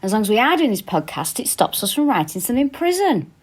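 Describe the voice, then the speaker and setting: A woman's voice: fairly high pitch, sing-song, fast talker. Manchester woman cohosting a podcast, chatty, sweary storyteller, remote call. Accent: Mancunian. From England. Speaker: podcast co-host. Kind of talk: casual comedic chat. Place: countryside home, recording remotely.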